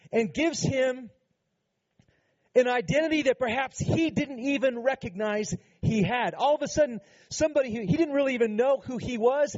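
High-voiced man preaching earnestly. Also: normal speed, a little mellow, muffled recording. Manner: earnest, emphatic preaching with frequent asides. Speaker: pastor. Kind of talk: sermon.

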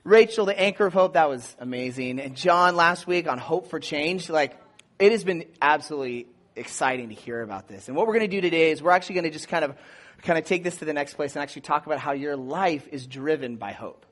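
A man in his thirties giving a casual, chatty sermon as a pastor, animated and full of fillers. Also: fast. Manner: chatty and animated, many fillers, acts out voices in a high shout. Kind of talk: casual sermon with personal story.

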